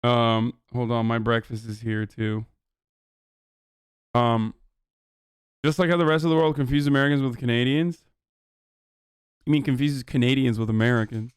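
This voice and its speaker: A man's voice: mid-range voice, clear, resonant tone, no echo, clean studio sound. A man hosting a live stream in casual chat, talking loosely with rambling asides and frequent swearing. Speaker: streamer host.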